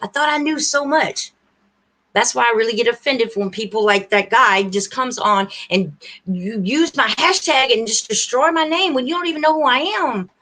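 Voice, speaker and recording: A woman's voice: on the high side, lively intonation, normal speed, bright, forceful tone. Woman rambling heartfelt to her stream. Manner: rambling, heartfelt, talks straight to her viewers. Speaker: livestream host. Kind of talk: casual livestream chat.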